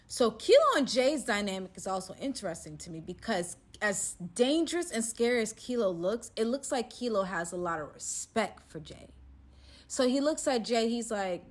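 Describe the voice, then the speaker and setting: Animated woman telling a storytime recap. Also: a little high, moderate pace. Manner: animated, slangy, acts out the other people's lines. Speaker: storyteller vlogger.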